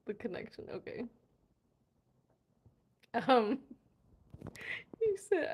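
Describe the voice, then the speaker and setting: A woman's voice: sits high, big pitch swings, extremely slow, pauses often, a little mellow, a little hiss or hum. A young American woman chatting casually on a live stream, laughing hard and often, wheezing as she reads viewers' comments. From USA. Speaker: vlogger reading live chat.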